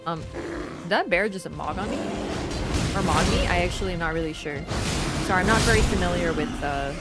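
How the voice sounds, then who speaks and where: A woman streams a game and talks casually, wandering into asides with plenty of fillers. Her voice sits a little low. Game music plays clearly behind her. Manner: chatty and digressive, with fillers and asides. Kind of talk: casual gameplay commentary.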